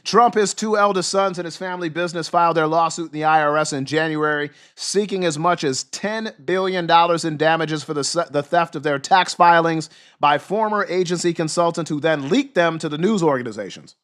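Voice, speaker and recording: A man hosting a livestream who reads news aloud and reacts in a loud, fired-up, profane way, losing his voice. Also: on the high side, brisk, hardly any pauses, clean tone. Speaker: livestream host. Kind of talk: livestream commentary and news reading.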